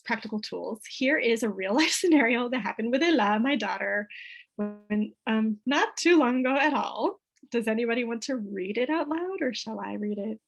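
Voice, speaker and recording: Leading a parenting workshop for a group, a woman with a fairly high voice talks in a chatty way and keeps asking "right?" throughout. The recording quality is rough.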